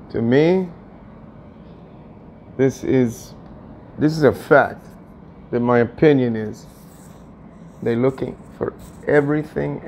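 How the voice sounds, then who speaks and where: Venting from his apartment, a tenant vlogger rants in an agitated personal vlog, aggrieved, repetitive and swearing often. His voice is fairly high, with the highs cut off and slight background noise.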